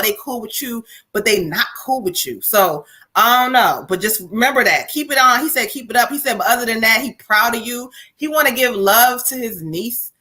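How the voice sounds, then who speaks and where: A woman medium hosts a casual live-stream reading with a higher, bright, forceful voice. She passes along a spirit's messages in quick, slangy, profane bursts. Her talk stays loose and unscripted.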